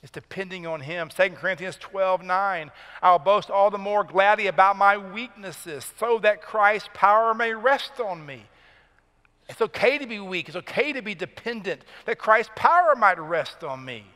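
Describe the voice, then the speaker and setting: A man preaching a sermon as pastor, emphatic and rising in pitch to drive key points home. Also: animated, moderate pace, pushed and bright, in a large hall. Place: church sanctuary.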